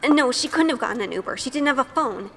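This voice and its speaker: In an audio drama, an actress narrates in first person as a shy, nervous young woman who keeps second-guessing herself, an earnest, self-conscious inner monologue. Her voice is high, expressive, fast and a bit bright, with a big-room sound.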